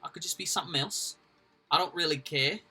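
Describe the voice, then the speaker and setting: A man's voice: fairly high pitch, brisk, sharp tone, husky, faint music behind. A man hosting a livestream, rambling casually to his chat, swearing freely. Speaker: livestream host. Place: indoors at home.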